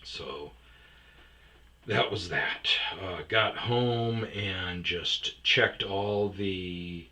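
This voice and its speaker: A man with a low, forceful voice tells a story in a loose, casual way. He is animated and swears a lot. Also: drawn-out words.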